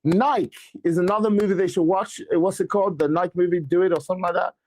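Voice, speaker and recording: A man, an apostle and church leader, giving a motivational talk on faith and money with an energetic, preacher-like delivery and sarcastic asides. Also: high voice, fast talker.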